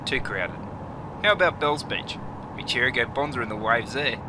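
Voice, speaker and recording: A man's voice: medium pitch, expressive, moderate pace, background noise, natural voice. A man doing a slangy, offhand Aussie bloke. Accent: Australian.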